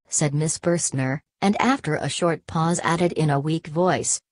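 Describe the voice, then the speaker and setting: Woman audiobook reader, low pitch, dry sound, measured novel reading. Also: no room sound. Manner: measured, announces page numbers.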